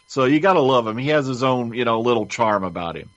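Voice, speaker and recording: A man's voice: mid-range voice, animated, fairly quick. A man on a review panel, chatting in an easygoing way with frequent laughs. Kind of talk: casual review chat. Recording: slightly dull lo-fi audio.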